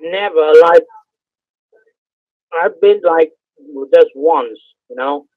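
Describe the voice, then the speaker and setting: A man's voice: a little high, animated, takes it slowly, no room sound. A man with an Indian accent on a phone call, hesitant and full of fillers as he talks. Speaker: phone scammer. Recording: dull dry phone line.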